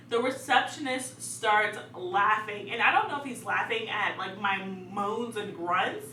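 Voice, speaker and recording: A young woman telling a story in a casual, animated way, laughing often and dramatizing events. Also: fairly high pitch. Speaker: vlogger. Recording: echoey room, distant mic, faint hum.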